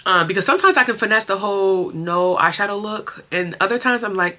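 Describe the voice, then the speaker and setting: A woman's voice: medium pitch, expressive, fairly quick, few pauses, pushed and bright. A young woman chatting expressively through her makeup routine, full of slang and emotion, as a beauty vlogger. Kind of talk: casual chatty makeup tutorial.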